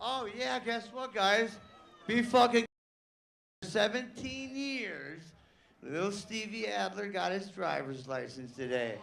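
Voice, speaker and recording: A man's voice: high voice, slow, gravelly, a bit bright, a little hiss or hum. A man rambling on a live awards stage, joking and swearing as he trails off mid-sentence. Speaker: award presenter. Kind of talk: off-the-cuff stage talk.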